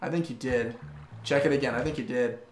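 A man's voice: mid-range voice, brisk, echoey room. A man casually joking and rambling while commenting on a game he plays. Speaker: let's play commentator. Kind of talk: casual gaming chat.

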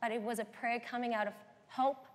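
A woman's voice: a little high, fairly even intonation, brisk. A young woman, a guest singer, telling her life story earnestly in an interview. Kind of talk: interview testimony. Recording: long hall reverb.

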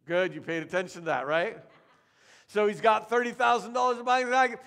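A middle-aged man preaching a sermon in a church, telling stories in a lively way and acting out what the people in them say. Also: high voice, brisk. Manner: animated storytelling, acting out characters' lines. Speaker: pastor. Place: church sanctuary. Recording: long church hall reverb.

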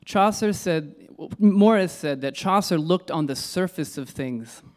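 A man's voice: a little high, lively intonation, measured pace, darkish tone. A man giving an informal lecture on poetry. He hesitates, corrects himself and uses many fillers.

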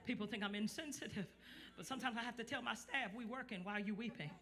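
Speaking fast in an extremely high voice, a male pastor preaches to a live church congregation, building to shouts and teasing the crowd into responding.

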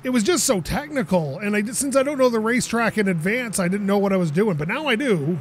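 A fast-talking man with a high voice hosts a gaming channel, muttering to himself through a let's play. When something goes wrong he gets frustrated and swears, keeping things animated throughout. Slight background noise can be heard.

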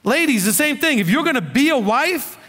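A man's voice: extremely high pitch, big pitch swings, brisk, sharp tone. A male rabbi preaching a blunt, scolding sermon full of rhetorical questions. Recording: long hall reverb.

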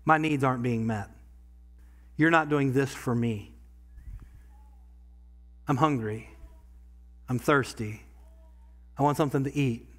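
A pastor preaching a sermon in a church, talking conversationally and swinging from quiet asides to loud bursts. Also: male voice, medium pitch, slow pace, pauses often. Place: church sanctuary.

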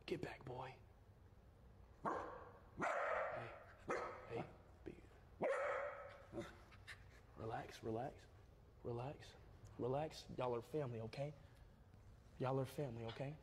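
A man chatting casually on a livestream, excitable and repeating short phrases over and over. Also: mid-range voice, slow pace, long pauses. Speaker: streamer. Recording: roomy echo with clear background noise. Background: dog barking.

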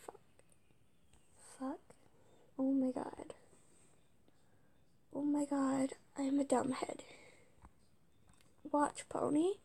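Woman, game commentary, high-pitched, mellow dark tone, halting, whispered asides. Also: flat delivery, creaky. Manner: stumbling, hesitant, with frequent whispered asides. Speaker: let's-play gamer. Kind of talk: casual game commentary, reading game text aloud.

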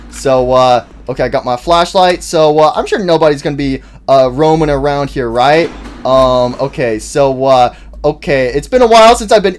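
A young man narrates a horror game as he plays, rambling with plenty of filler and jittery nerves. His voice sits high for a man and swings widely in pitch, and it shoots up into panicked yells. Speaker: gaming channel host. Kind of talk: horror game let's-play commentary.

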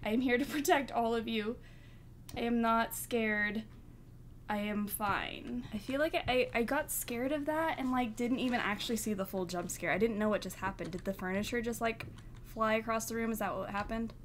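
A woman's voice: on the high side, a little fast, a little hiss or hum. A woman hosting a horror game let's play, jumpy and nervous, laughing through scares and chatting with her viewers. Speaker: gaming channel host.

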